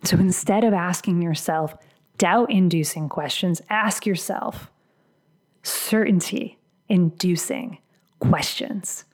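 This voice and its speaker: A woman's voice: medium pitch, darkish tone. A woman career coach delivering a motivational podcast monologue, emphatic and fond of repeating phrases for punch.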